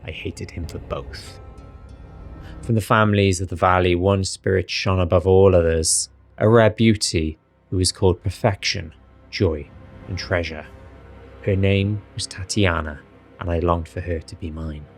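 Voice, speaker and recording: A man's voice: deep voice, steady tone, measured pace, faint music behind. A man voicing an ancient, irritated noble male vampire lord, reading a journal seriously and dramatically. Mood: brooding, solemn.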